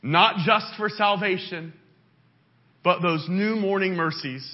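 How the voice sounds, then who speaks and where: A man's voice: takes it slowly, pauses often. Impassioned preacher man, lo-fi sound. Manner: impassioned, pitch rising and falling widely. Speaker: pastor. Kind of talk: sermon. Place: church sanctuary. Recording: dull lo-fi sound.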